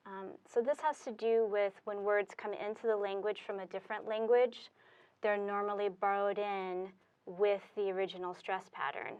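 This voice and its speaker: This Spanish lesson comes from a woman whose mid-range voice is level, darkish, clear and resonant. Writing on the whiteboard, she works through the material slowly and deliberately, leaning on fillers.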